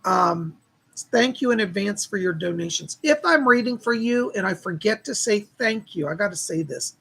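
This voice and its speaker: A man's voice: high-pitched, lively intonation, moderate pace, vocal fry, bright, forceful tone, husky. A man hosting a live psychic-reading stream, chatting in a folksy way and greeting viewers by name, his voice strained and tired. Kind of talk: casual live-stream chat.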